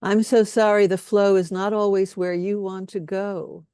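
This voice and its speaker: A woman leading a guided healing workshop, speaking softly and soothingly as she has the group repeat statements after her. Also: medium pitch, flat delivery, moderate pace, clear, resonant tone, no room sound, studio quality. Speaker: workshop leader.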